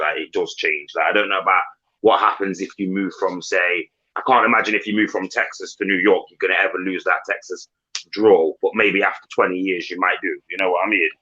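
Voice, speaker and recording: Man, Nottingham accent, chat host, teasing, bright forceful voice, slightly low, dull lo-fi voice-chat sound. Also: slightly rough. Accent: Nottingham English. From Nottingham, England. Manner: teasing, laughs often, rambles with restarts. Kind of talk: casual voice-chat banter.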